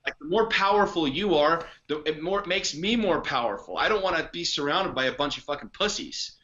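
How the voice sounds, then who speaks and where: A man's voice: on the high side, lively intonation, brisk, pushed and bright, highs cut off. A man talking as a podcast guest and coach in casual conversation, blunt, emphatic and heavy on profanity.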